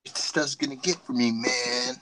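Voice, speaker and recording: A man's voice: mid-range voice, measured pace, noisy background, close to an everyday voice. A man voicing a laid-back male space turtle floating in space, drawling in a raised voice and calling everyone "man". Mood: smug. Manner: drawling stoner-like delivery, says "man".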